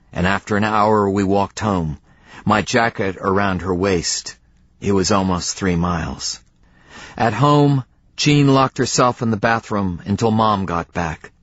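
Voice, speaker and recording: A man narrating a novel in the first person, measured, with dramatic pauses, in a dry, slightly dull audiobook recording. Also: on the low side, fairly bright tone, breathy edge, dry recording.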